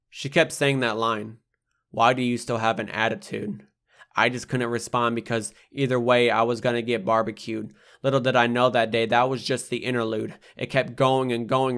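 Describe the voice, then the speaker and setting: Reading his own book of poems as an audiobook, a young man with a middle-pitched voice rides a steady hip-hop rhythm. He lands hard on the rhymes and swears bluntly, never apologizing.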